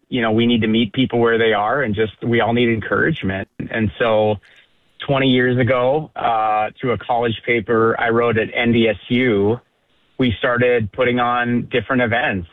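A man's voice: medium pitch, no echo. A man, an event organizer, speaking as a guest in a radio phone interview, upbeat and enthusiastic. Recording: tinny phone line.

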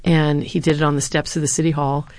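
Woman w a low voice, former speechwriter, tells stories earnestly, dry close sound. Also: little pitch movement, fast, a little mellow, dry recording. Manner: earnest, anecdotal, with some fillers. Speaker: former presidential speechwriter and university lecturer. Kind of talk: interview answers, storytelling.

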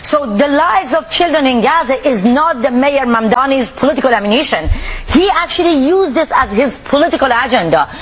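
A woman from Iran, an activist, speaking forcefully and indignantly in an interview. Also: high voice, expressive, brisk, a little hiss or hum. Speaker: activist guest.

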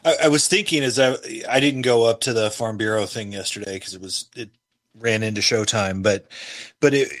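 A man's voice: on the low side, moderate pace, fairly bright tone, no echo. A man hosting a political interview, musing conversationally about his home state's races. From Illinois.

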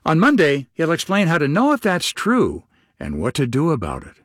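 Male announcer, husky, dry studio sound, very expressive pitch, scripted promo read. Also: moderate pace, no echo. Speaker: radio ministry announcer.

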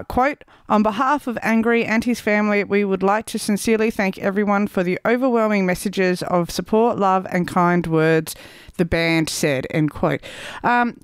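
Chatty radio presenter, crisp and dry. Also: medium pitch, moderate pace, no room sound. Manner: chatty, rambling and jokey, with restarts and playful put-on asides. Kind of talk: casual on-air chat between songs. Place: radio studio.

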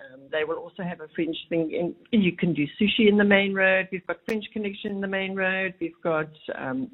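A woman talking about a festival she helps run, chatty and rambling with many restarts. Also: on the low side. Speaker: festival organiser guest. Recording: tinny phone line.

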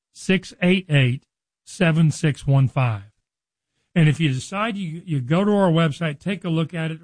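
A man hosting a radio talk segment about his business, folksy and repeating details slowly for listeners. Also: fairly high pitch, darkish tone, no room sound, rough recording. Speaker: radio show host and business broker.

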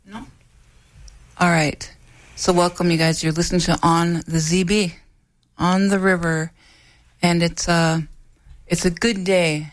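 A woman hosting a local radio show, chatting casually and clearing her throat now and then. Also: lowish voice, fairly even intonation, unhurried, long pauses, no room sound. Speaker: radio host.

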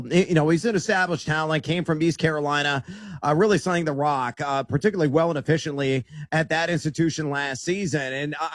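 A man's voice: fairly high pitch, no echo, studio quality. A man co-hosting a sports betting show who gives upbeat, emphatic picks, with frequent "uh" fillers between his points. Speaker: sports analyst co-host.

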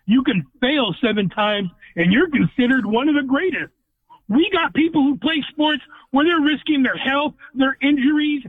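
Man, radio caller, blunt opinionated rant, very high voice, tinny phone line, dry. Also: no room sound. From California. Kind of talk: call-in radio talk.

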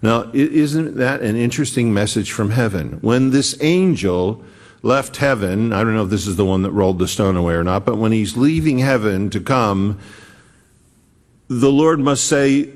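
A man preaching a sermon as pastor, slow and conversational, often pausing and wandering off on asides. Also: lowish voice, darkish tone. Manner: conversational, digressive, slow and deliberate. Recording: echoey hall reverb.

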